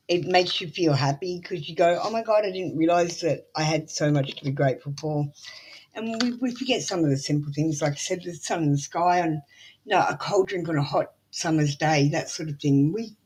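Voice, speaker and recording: A woman's voice: low-pitched, moderate pace, a little mellow, slight background noise, poor audio. A middle-aged woman with an Australian accent doing a live tarot reading, blunt, motherly and swearing freely. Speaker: tarot reader.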